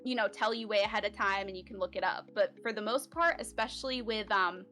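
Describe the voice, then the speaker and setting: Brisk, bright and forceful, a medium-pitched woman's voice comes through with faint music behind it. The guest, a voice actor from Central Florida, talks casually in an interview over a home setup, using lots of "like" and "um."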